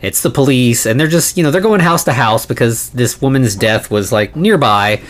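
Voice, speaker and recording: Man, podcast co-host, casual film recap, rambling, lots of fillers, middle pitch. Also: expressive, moderate pace. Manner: rambling plot retelling, full of "like" and "you know".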